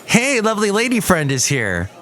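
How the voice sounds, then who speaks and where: A man's voice: sits high, huge pitch swings, normal speed, pushed and bright. A man hosting a casual podcast chat, goofy and rambling with lots of jokes. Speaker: podcast host.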